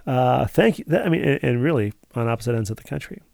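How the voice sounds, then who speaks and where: This man co-hosts a chatty podcast and reads listener emails aloud, drifting into rambling asides. His voice has a gravelly, creaky edge. The sound is close and dry, with no room around it. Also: mid-range voice, expressive, fast, a little mellow, no room sound. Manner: rambling, digressive, full of asides. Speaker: podcast co-host. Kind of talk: casual podcast chat, reading listener emails.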